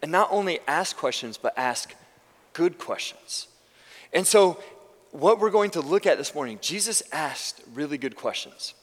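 The big-room sound of a church sanctuary surrounds a male pastor whose voice is a little high and a bit bright. He gives a conversational sermon, often breaking off and restarting his sentences.

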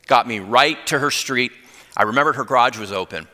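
A man preaching a sermon, animated as he tells a personal story and acts out the dialogue. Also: medium pitch, a little fast, long reverb tail. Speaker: pastor.

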